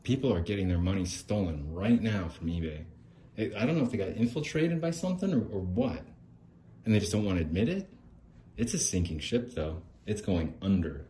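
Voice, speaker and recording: A man's voice: low voice, very animated, fairly quick, mellow, a little hiss or hum. A man ranting in a casual, rambling monologue, agitated and swearing, with lots of fillers. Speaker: podcaster venting in a voice message.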